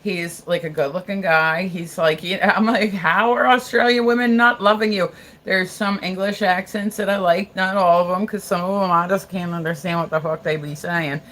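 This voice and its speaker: A woman's voice: lowish voice, steady tone, normal speed, hardly any pauses, a bit bright. Blunt, rambling American woman streamer. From United States. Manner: rambling, blunt, swears, repeats herself. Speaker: livestream host. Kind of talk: casual live-stream chat.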